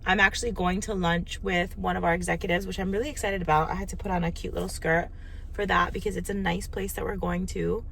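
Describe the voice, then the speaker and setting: A chatty woman vlogger talks in an easy, rambling way, full of "um" and "like," from behind the wheel. She records on her phone in a moving car. Road noise hums clearly beneath her voice. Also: lowish voice, fairly even intonation, quick pace, fairly bright tone. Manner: chatty, rambling, lots of fillers. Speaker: lifestyle vlogger. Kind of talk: casual vlog storytelling. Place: inside a car while driving.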